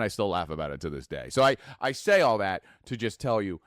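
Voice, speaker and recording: A man's voice: on the low side, big pitch swings, fairly quick, fairly bright tone, no echo, clean studio sound. A man, co-hosting a podcast and telling a long, rambling story with stumbles and restarts. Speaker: podcast co-host. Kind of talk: casual chat. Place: studio. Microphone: mic on an arm.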